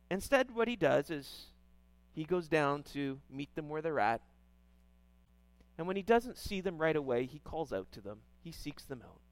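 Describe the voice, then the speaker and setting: A middle-aged man preaching in a relaxed, talky way, his voice sitting a little higher than most men's. He keeps checking in with his listeners and doubles back on his words. The sound is dry and close, with no room around it. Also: no echo. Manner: conversational preaching, frequent "right?" and repeated words. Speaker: pastor. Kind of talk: sermon.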